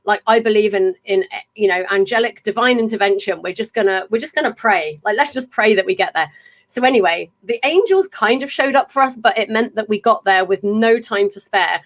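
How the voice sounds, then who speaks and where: An English woman in her thirties hosts a casual live podcast chat. She talks in a chatty, effusive way and piles one story onto the next. Her voice sits at an ordinary middle pitch for a woman. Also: a little fast. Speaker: podcast host.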